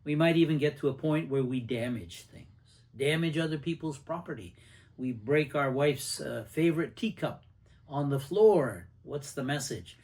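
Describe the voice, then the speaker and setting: Older male host, slightly high voice, casual teaching style with acted-out anecdotes. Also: lively intonation, moderate pace, a little mellow. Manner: conversational, with anecdotes and acted-out quotes. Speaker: host and anger management teacher. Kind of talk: casual teaching talk to camera.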